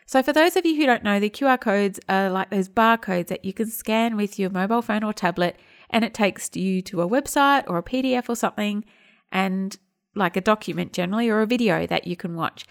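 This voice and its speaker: Chatty woman host with a gravelly edge. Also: mid-range voice, fairly quick. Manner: chatty, acts out quoted dialogue. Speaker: podcast host and home detox teacher. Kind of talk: casual personal storytelling.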